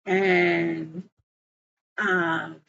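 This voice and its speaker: A woman's voice: on the low side, level tone, very slow, creaky, fairly bright tone, no room sound, dull audio. A woman casually retelling an episode scene by scene, with lots of "like" and asides. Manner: chatty retelling peppered with "like" and "girl". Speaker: show recap reviewer.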